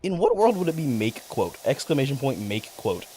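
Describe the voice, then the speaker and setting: A young man talking to his chat on a stream in a loose, rambling way, cursing often and getting excited. His voice sits at an ordinary pitch but swings up and down freely. A faint hiss runs underneath. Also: brisk. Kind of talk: casual livestream chat.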